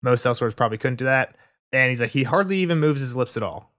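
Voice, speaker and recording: An animated man co-hosting a podcast, sitting right in the middle of the usual male pitch range. He talks casually and keeps dropping into quick impressions of the characters he is describing. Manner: animated, acts out lines of characters mid-sentence. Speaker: podcast co-host. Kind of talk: casual book discussion.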